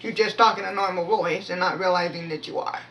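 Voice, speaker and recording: A woman giving a casual, rambling devotional talk with a prayer, often restarting her sentences and pushing her voice to be loud. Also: on the low side, steady tone, brisk. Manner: rambling, many restarts, pushes to speak loud. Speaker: devotional video speaker. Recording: voice from far off the mic, faint noise.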